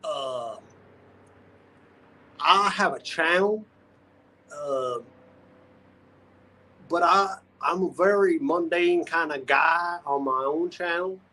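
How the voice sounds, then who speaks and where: A man's voice: fairly high pitch, takes it slowly, long pauses, bright, forceful tone, pitched above the performer's own voice, rough recording. A man voicing a self-described mundane guy confessing his wild side on another stream. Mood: sheepish. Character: man named Ross, mundane guy with a channel.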